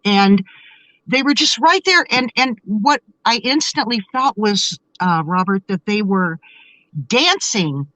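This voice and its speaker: A woman guest telling a story in a casual interview, animated and excitable, often restarting and stammering. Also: medium pitch, takes it slowly, dry recording, rough recording.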